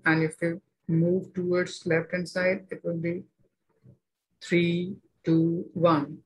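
A man teaching a maths class, explaining each step slowly and checking that students follow. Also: on the high side, little pitch movement, slightly rough, low-quality recording. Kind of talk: online maths lecture.

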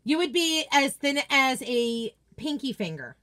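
A woman's voice: sits high, big pitch swings, measured pace, fairly bright tone. A woman hosting a casual live unboxing, chatty and gushing as she reads out viewer comments. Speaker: craft product consultant and host.

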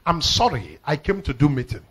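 A man with a Nigerian accent preaching a live prophetic sermon as a pastor, commanding and emphatic, repeating phrases and breaking into shouted declarations. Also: on the high side, sing-song, fairly quick, low-quality recording.

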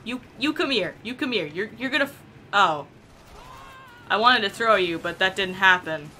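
A young woman giving casual, excitable gameplay commentary, swearing and laughing often. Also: medium pitch, normal speed, slight background noise. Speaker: gameplay video creator.

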